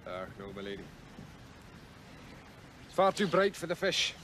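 An actor playing a deferential male Scottish gillie with a Scottish accent, soft-spoken and polite in a 1970s television drama. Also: a little high, sing-song, a little slow, a little hiss or hum, poor audio. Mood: patient, deferential.

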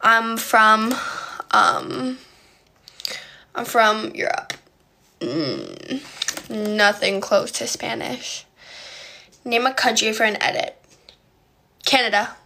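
A woman's voice: a little high, big pitch swings, slow pace, vocal fry, long pauses, bright, forceful tone. A young woman from Poland chatting on a phone live stream, answering viewer comments in a valley-girl way of talking and often stuttering. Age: young adult.

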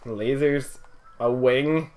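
A man's voice: medium pitch, drawn-out words, a little mellow, rough recording. Dry, teasing young man swearing. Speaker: let's play co-host and player. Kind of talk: casual gaming chat.

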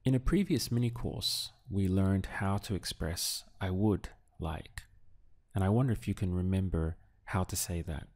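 A man in a recorded lesson, patient and deliberate, pausing for the learner to answer. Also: low-pitched, darkish tone. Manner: slow, patient drills with pauses for the learner. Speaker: language teacher.

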